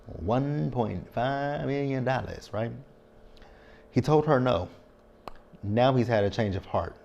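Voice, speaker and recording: A man's voice: mid-range voice, animated, slow pace, gravelly, a little mellow, lo-fi sound. A man in his thirties recapping a TV episode in a casual vlog, talking frankly and checking in with tag questions. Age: 30s. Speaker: TV show recap reviewer.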